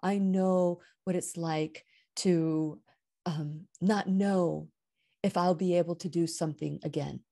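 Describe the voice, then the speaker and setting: A woman's voice: on the low side, steady tone, takes it slowly, creaky, dark tone. Earnest woman hosting an inspirational talk. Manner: earnest, heartfelt, rises and falls with emphasis. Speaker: radio show host.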